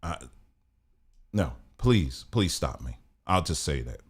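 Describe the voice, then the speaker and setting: A man's voice: very deep voice, very animated, slow. A man hosting a live news commentary show, talking straight to viewers in an exasperated, repetitive way. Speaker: host.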